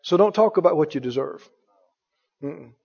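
A man's voice: expressive, normal speed, gravelly, dark tone, husky, in a large hall, highs cut off. A man preaching a sermon with an emphatic, repetitive delivery, firing rhetorical questions at his congregation. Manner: mimics others in a higher voice.

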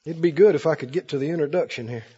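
A man preaching a sermon in an animated way, slipping into mocking put-on voices. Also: a little high, racing, a little hiss or hum. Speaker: pastor. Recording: dull recording in a reverberant hall.

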